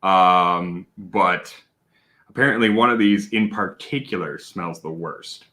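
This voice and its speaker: Lively, bright-voiced man hosting a livestream. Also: fairly low pitch, moderate pace. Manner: lively, chatty, lots of fillers and shout-outs. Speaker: livestream host. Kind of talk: casual livestream chat.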